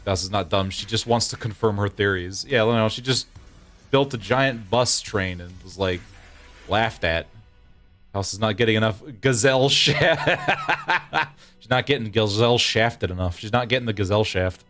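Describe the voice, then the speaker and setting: Low-voiced man chatting and laughing. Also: lively intonation, moderate pace, a bit bright, soft background music. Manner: laughing, rambling, often restarting sentences. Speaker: streamer. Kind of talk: casual gameplay chat with viewers.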